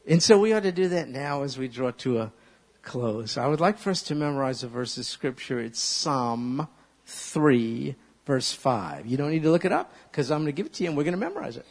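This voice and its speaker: A man preaching a sermon as a pastor, animated and leading his listeners in repeating a verse aloud. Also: mid-range voice, brisk. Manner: animated, leads congregation in call-and-response recitation. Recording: long reverb of a large hall.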